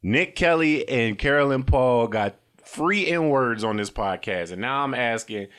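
A man's voice: medium pitch, animated, measured pace, a bit bright, clear, resonant tone. Loose, laughing man podcasting from a car. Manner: loose, profane, laughs often and mimics silly voices. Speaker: podcast host. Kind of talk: casual comedic monologue.

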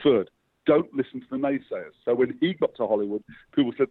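A man, a publicist, telling lively motivational anecdotes as a guest over the phone. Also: medium pitch, fairly quick, gravelly, husky, no echo. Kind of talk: interview storytelling. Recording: tinny phone line.

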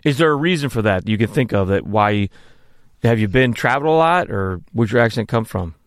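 A man's voice: lowish voice, lively intonation, a little fast, dry recording, studio quality. A man hosting a live-streamed podcast, chatting casually and asking rambling, self-mocking questions. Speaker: podcast host.

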